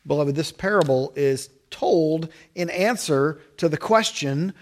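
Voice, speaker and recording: A man's voice: a little high, animated, unhurried, hardly any pauses. A man, a pastor giving a conversational sermon with wry asides.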